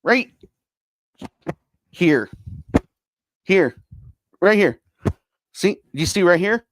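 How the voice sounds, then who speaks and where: In a dry studio recording, a middle-aged man talks very slowly with a high-pitched, expressive, slightly bright voice. He's hosting a solo sports podcast, reading viewer comments casually and rambling with lots of fillers and repeats.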